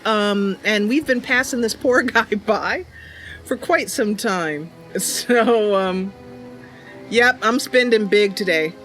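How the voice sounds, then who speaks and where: A woman's voice: mid-range voice, takes it slowly, fairly bright tone, soft background music. A woman hosting a game role-play video, talking in a playful, giggly, chatty way while she plays and narrates the story. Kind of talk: casual gameplay commentary with role-play narration.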